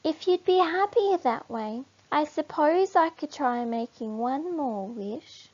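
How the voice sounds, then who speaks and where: A woman voicing the smallest young male warthog, squeaky, earnest and apologetic, for a storybook. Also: animated, takes it slowly, darkish tone. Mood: pleading. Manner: pleading, apologetic. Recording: dull lo-fi recording.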